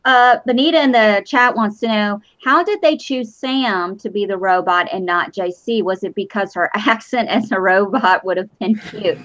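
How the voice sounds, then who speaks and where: A woman's voice: medium pitch, moderate pace, hardly any pauses, a bit bright. A woman hosting a casual fan show chat, blunt, profane and sarcastic. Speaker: host. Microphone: streaming mic. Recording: lo-fi online stream audio.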